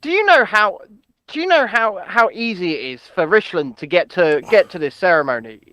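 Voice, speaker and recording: A man co-hosting an irreverent live commentary, teasing with deadpan quips. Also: sits high, moderate pace, no echo.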